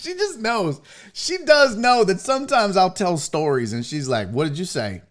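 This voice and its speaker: A high-voiced man hosts a live sports stream, chatting loosely with his viewers. His pitch swings widely as he jokes, swears and tells stories about home. The talk is quick and playful. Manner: animated, profane, joking with chat. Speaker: host of a live sports show. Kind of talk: casual live-stream chat.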